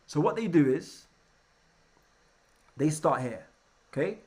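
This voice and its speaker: A man teaching a live online trading lesson in an energetic way, often checking in with his listeners and repeating words as he goes. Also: fairly high pitch, slow. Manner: energetic, keeps checking in with "right?". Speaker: trading coach.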